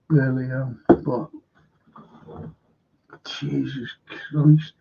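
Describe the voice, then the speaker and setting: A man's voice: medium pitch, little pitch movement, very slow, vocal fry, slightly rough, highs cut off. A man hosting a film and TV review livestream, talking bluntly and swearing often as he rambles on, frustrated and in pain. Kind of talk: casual livestream chat.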